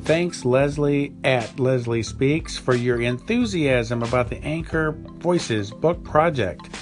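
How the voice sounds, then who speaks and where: A man's voice: medium pitch, slow, faint music behind. A man hosting a podcast, talking in an enthusiastic, thankful way. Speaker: podcast host. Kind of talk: upbeat podcast talk.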